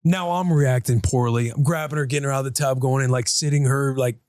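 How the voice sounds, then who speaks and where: A man's voice: mid-range voice, steady tone, a little fast, a little mellow, no room sound. A man in his thirties, co-hosting a casual podcast, telling a family story openly and acting out the voices in it. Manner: candid storytelling, acts out family dialogue. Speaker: podcast co-host, former pro football player.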